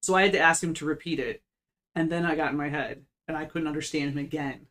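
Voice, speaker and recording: Animated woman telling a self-mocking story. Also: sits low, quick pace. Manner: animated, self-mocking, acts out her own past lines. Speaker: podcast co-host. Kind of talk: casual storytelling chat.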